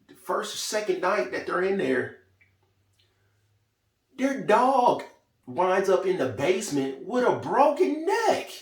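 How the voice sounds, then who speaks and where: A man talks through a TV show review in a loose, chatty way, with a middle-pitched voice. He sits back from the mic, and the room adds a noticeable echo. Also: far from the mic. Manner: chatty, lively, quotes characters in small voices. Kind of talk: casual spoken review.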